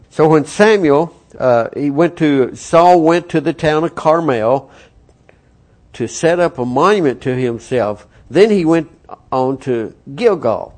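A male pastor reads scripture and breaks in with folksy asides to the congregation. His voice is fairly high for a man. He acts out the quoted lines as he reads. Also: lively intonation, unhurried. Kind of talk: sermon, Bible reading with commentary.

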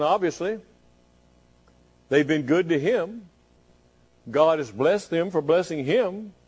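A man's voice: a little high, a little mellow, rough recording. A man preaching a fervent sermon, pressing the listeners with repeated rhetorical questions.

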